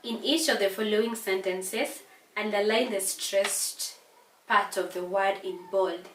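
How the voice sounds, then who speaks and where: A tired woman from Kenya teaching an English revision lesson, speaking slowly and repeating words to stress their syllables. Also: medium pitch, fairly even intonation, fairly bright tone. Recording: echoey room from a distance, faint hiss.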